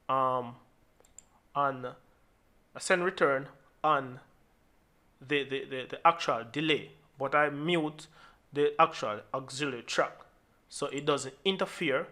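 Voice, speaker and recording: Bright-voiced man walking through a mix. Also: fairly high pitch. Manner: relaxed explaining with frequent restarts and repeated words. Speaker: music producer teaching mixing. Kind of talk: screen-recorded tutorial walkthrough.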